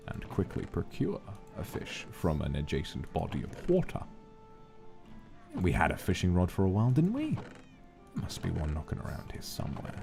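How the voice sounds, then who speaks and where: Man, gameplay streamer, playful, theatrical, hugely varied pitch, soft music underneath. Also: vocal fry. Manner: theatrical and playful, swings between grand and hushed. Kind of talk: casual gameplay stream chat.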